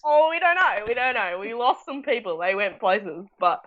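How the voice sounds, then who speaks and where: A woman's voice: a little high, very animated, moderate pace, a bit bright, muffled recording, slight background noise. A young woman from Tasmania with an Australian accent, a bubbly, giggly guest on a casual video-call chat. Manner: bubbly, giggly, self-mocking.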